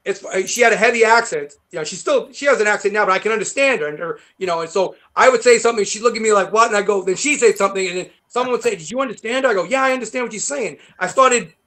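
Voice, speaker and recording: A man with a heavy New York accent, a guest guitarist rambling through animated stories in a casual interview. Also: sits high, racing, hardly any pauses. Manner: rambling, animated storytelling with many fillers.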